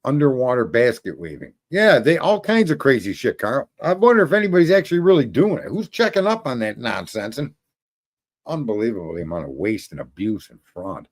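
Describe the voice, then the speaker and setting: A man talks straight to his viewers in a loose, rambling rant, swearing freely and stopping to laugh at his own jokes. His voice sits in an ordinary middle pitch, and he drifts from one gripe to the next in an offhand, conversational way. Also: very animated, a little fast. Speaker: show host.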